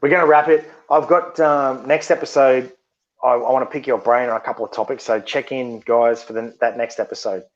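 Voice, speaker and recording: A man co-hosting a casual podcast, blunt and sweary, telling stories with animated delivery. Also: mid-range voice, brisk, highs cut off. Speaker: podcast co-host.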